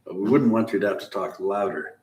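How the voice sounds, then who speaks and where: A man's voice: fairly low pitch, fairly quick, a little mellow. A middle-aged man hosting a live car-building stream. He chats casually and rambles through shop-talk explanations, chuckling now and then. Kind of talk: casual live chat with viewers. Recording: roomy, distant mic with faint hiss.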